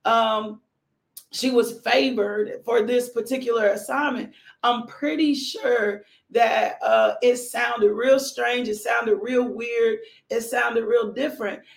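Woman, devotional preacher, gravelly voice, echoey room, conversational sermon with emphatic repeats. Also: on the high side, fairly even intonation, slow pace. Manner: repeats phrases for emphasis, rising to exclamations.

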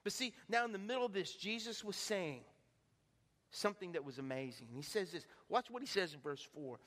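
Male pastor, sermon delivery, very high and bright voice, animated, questions the room; long hall reverb. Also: brisk. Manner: animated, rhetorical questions to the congregation. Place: church hall.

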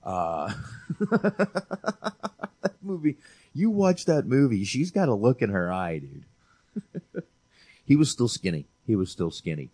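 Speaking slowly with frequent pauses, a man with a mid-range, breathy-edged voice co-hosts a podcast about movies, recorded with no echo. Despite the pace he's animated, chatting casually, swearing liberally, and calling his friend "dude."

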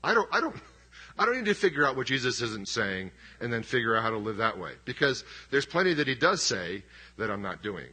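A man's voice: medium pitch, big pitch swings, a little fast, bright, forceful tone, breathy edge. A middle-aged man preaching a sermon as pastor, conversational and emphatic, with self-deprecating humor.

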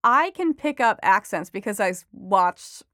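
In a conversational interview, an entertainment reporter and author chats as a guest, animated and quick to laugh as she tells stories. She has a medium-pitched, expressive, fairly bright voice and keeps a measured pace.

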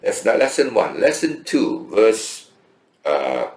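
A man's voice: on the low side, very animated, slow pace, a little mellow. A man giving an emphatic Bible study lecture, often checking in with his listeners. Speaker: Bible teacher. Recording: echoey room.

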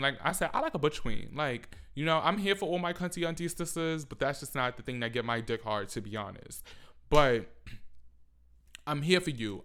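Smooth-voiced man ranting on a podcast. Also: mid-range voice. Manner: loud, animated and swearing, with mocking asides. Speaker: podcast host. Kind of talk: casual solo podcast rant.

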